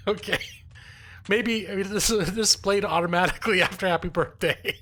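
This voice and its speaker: Man, live game stream commentary, joking and giggling, bright forceful voice, slightly high, faint music. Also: moderate pace. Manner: jokey, giggly, self-mocking. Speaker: gaming streamer and lawyer.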